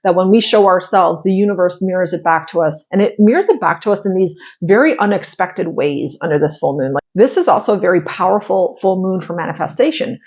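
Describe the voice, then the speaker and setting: A woman's voice: on the low side, expressive, brisk, hardly any pauses, a little mellow, muffled recording. A woman in her thirties hosting a spiritual astrology channel, giving viewers a casual, heartfelt pep talk full of "like" fillers and the odd blunt swear.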